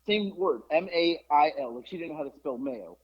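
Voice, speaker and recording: Husky animated man telling a story. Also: a little fast. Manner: animated, swears, quotes people in lowered voices. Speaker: podcast co-host. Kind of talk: casual storytelling chat. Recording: muffled lo-fi podcast audio.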